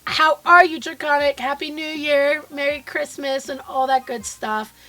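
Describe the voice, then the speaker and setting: A woman with a hoarse, froggy voice from being sick, chatting casually and cheerfully with viewers from her home basement studio. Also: high-pitched, steady tone, moderate pace, sharp tone, faint music behind. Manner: chatty and upbeat, greeting viewers by name. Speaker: quilt designer and live streamer. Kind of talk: casual live-stream chat.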